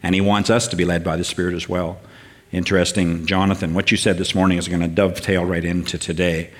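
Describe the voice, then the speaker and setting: In his guest sermon, an older man's warm, hesitant speech, peppered with fillers and restarts, swells into rousing lists. He keeps a low pitch and a level tone throughout.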